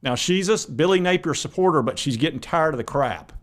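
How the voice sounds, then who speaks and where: A man's voice: a little high, animated, fairly quick. A man hosting a sports talk channel, chatting casually and rambling with plenty of fillers. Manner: rambling, conversational, many fillers.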